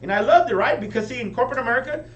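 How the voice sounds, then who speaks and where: High-voiced man pumping up a crowd. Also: very fast. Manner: energetic, keeps asking the crowd "right?". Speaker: business team leader training recruits. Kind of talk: motivational training talk to a live audience. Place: meeting room with an audience. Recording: echoey room, distant mic, faint hum.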